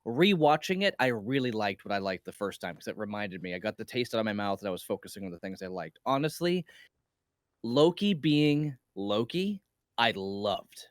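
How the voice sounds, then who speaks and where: A man's voice: fairly low pitch, lively intonation, normal speed, clean tone, no echo, studio quality. A man co-hosting a casual review podcast who rambles, laughs often and acts out scenes in quotes. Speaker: podcast co-host.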